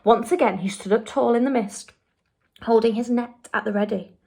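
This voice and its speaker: A woman teacher reading a children's storybook aloud expressively, dropping to a hush for suspense. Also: on the high side, normal speed, creaky, breathy edge.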